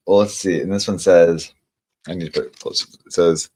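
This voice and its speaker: A man with a fairly low voice chats casually with his livestream viewers while pulling tarot cards. He rambles, stammers through restarts, and slows down to read each card's message aloud. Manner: reads card messages aloud slowly. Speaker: tarot reader.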